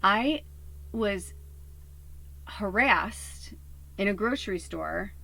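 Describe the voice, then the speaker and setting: A woman's voice: mid-range voice, animated, drawn-out words, vocal fry, pushed and bright, low-quality recording. A woman from Chicago talks straight to her viewers as a psychic medium in a casual vlog. Her telling is loose, profane and heated, full of "like" and "you know.". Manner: lots of fillers like "you know" and "like".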